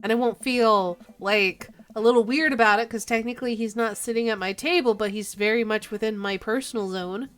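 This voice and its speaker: A woman's voice: a little high, brisk, few pauses. A woman streaming a game, chatting playfully, giggling often and reading the story aloud. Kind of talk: let's play commentary and reading.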